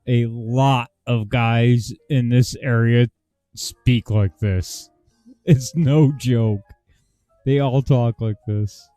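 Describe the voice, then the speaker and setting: A man's voice: medium pitch, mellow, no room sound. A man casually commenting on a video he is playing, in a wry, amused, offhand way. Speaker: host reacting to a video. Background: faint jazz music.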